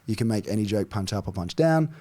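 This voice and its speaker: An Australian comedian chatting as a podcast guest, animated, cursing freely and laughing between lines. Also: male voice, lowish voice, quick pace. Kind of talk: casual podcast chat.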